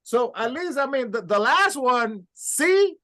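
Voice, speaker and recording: This Spanish teacher has a very high, sing-song voice with a sharp tone, and he talks slowly. In his recorded pronunciation lesson, he patiently breaks things down step by step and models sounds for learners to copy.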